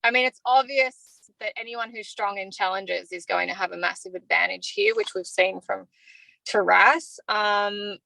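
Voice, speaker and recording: A woman's voice: medium pitch, normal speed, creaky, pushed and bright, no echo, low-quality recording. An Australian woman answering interview questions openly and from the heart, talking freely about how she feels. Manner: open and heartfelt, talks freely about feelings. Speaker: evicted reality show contestant.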